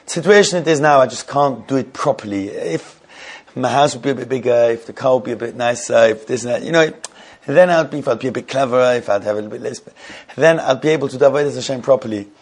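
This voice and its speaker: A man leads an informal Torah class, moving in and out of storytelling with a slow, halting, conversational flow. His voice is gravelly and a little husky. He laughs here and there as the tale unfolds. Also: medium pitch. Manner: halting, conversational, laughs while telling stories.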